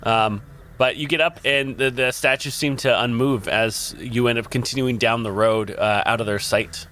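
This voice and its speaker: Man, dungeon master, tabletop game narration, halting, mid-pitched voice. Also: fairly even intonation, pushed and bright, a little hiss or hum. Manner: halting, full of ums and restarts.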